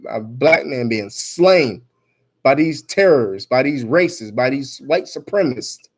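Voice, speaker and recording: A man's voice: medium pitch, expressive, a little slow, breathy edge. A man reads a news story aloud and rants about it in an angry, emphatic voice full of swearing. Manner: angry, emphatic, swearing, rising to near-shouts. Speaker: vlogger commenting on news. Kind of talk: reading news aloud and ranting.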